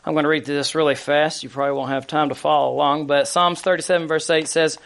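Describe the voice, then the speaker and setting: A man's voice: on the high side, level tone, quick pace, vocal fry, hardly any pauses, a bit bright. A man preaching a sermon in a conversational way, with frequent fillers and restarts. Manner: conversational preaching with many fillers and restarts, scripture read aloud. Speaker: pastor.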